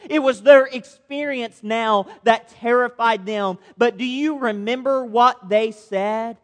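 A man's voice: extremely high pitch, slow, a bit bright. A man preaching a sermon as a pastor, earnest and posing rhetorical questions to his listeners. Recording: long reverb of a large hall.

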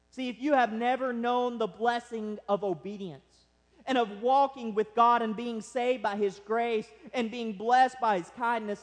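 A man with a high voice preaches in a church, his words ringing with a long hall reverb. He swings between loud, impassioned pleading and hushed, quiet stretches. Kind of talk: sermon.

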